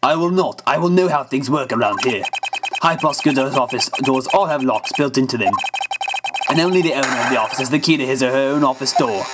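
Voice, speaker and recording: A man's voice: medium pitch, fast, heavy background noise, natural voice. A man doing a hot-headed, theatrical prosecutor. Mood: dramatic. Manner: dramatic, emotional. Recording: loud game music behind.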